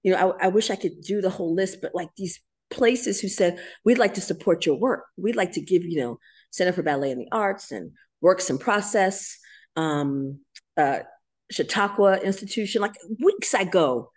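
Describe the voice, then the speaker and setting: A middle-aged woman in a podcast interview, telling stories with animated emotion and frequent laughter. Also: on the low side, normal speed. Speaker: guest choreographer and dancer.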